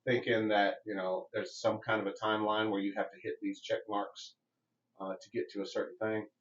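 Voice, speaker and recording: A man, a podcast guest, telling stories in casual chat, animated and swearing freely. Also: fairly low pitch, brisk, distant mic. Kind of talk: casual storytelling. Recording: dull lo-fi audio, set back from the mic.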